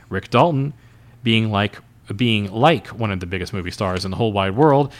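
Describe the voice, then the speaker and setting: A man reading a novel aloud for a podcast in a loose, casual way, stumbling and restarting now and then. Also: fairly low pitch. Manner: unpolished, stumbling restarts and chuckles.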